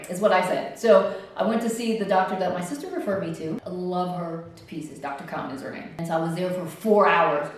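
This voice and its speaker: Animated woman telling a story, echoey room. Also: brisk. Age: older. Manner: animated, acts out other people's lines in a high voice. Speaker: interviewee telling her story. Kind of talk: casual storytelling. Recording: roomy echo, distant from mic.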